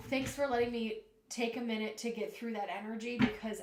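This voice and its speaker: A woman's voice: fairly high pitch, moderate pace, echoey room, heavy background noise. A woman giving a live-stream tarot reading, chatty and emotional, talking to spirit and to her viewers. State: emotional, nearly crying. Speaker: tarot reader.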